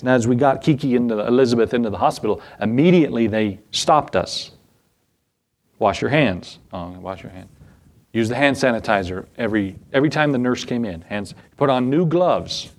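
A man of ordinary middle pitch leads a relaxed Bible study as pastor. He talks in a folksy, conversational way and keeps drawing his listeners in with rhetorical questions.

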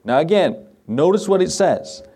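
Middle-aged male pastor, folksy conversational sermon, slightly raised pitch, chuckling asides. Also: big pitch swings, normal speed, dark tone, breathy edge.

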